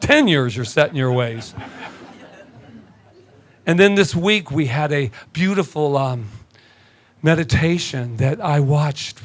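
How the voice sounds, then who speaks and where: A male minister giving an animated, conversational sermon in a church, laughing often and rising in pitch as he gets excited. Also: slow pace, pauses often. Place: church sanctuary.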